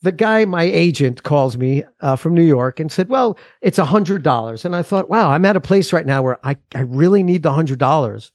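A man's voice: fairly high pitch, lively intonation, moderate pace, hardly any pauses, a little mellow, no room sound, studio quality. A man in his forties, a musician guest on a podcast, talking casually in a rambling, earnest way with frequent restarts.

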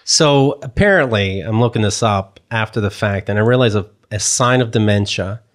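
A man casually telling a long story in a relaxed conversation, lively and acting out what others said. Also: fairly low pitch, normal speed. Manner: animated storyteller, acts out quoted voices.

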